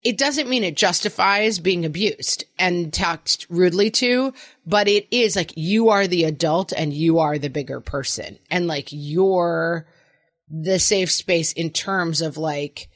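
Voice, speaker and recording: A middle-aged woman co-hosting a parenting podcast in casual chat, animated and fond of acting out quotes. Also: on the low side, unhurried, dry recording, clean studio sound. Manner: animated, acts out quotes in funny voices. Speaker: podcast co-host.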